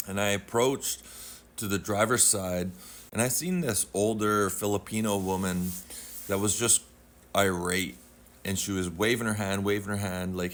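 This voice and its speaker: A middle-aged man with a low, deep voice tells a spooky personal story at an easy, rambling pace. He keeps slipping into fillers and acts out what people said to him. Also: fairly even intonation, normal speed. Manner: rambling, conversational, with many fillers and reenacted quotes. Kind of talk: casual paranormal storytime.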